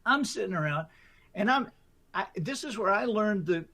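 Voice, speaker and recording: A middle-aged man telling a story as a guest author, lively and acting out his own inner voices. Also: sits high, normal speed. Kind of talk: animated storytelling.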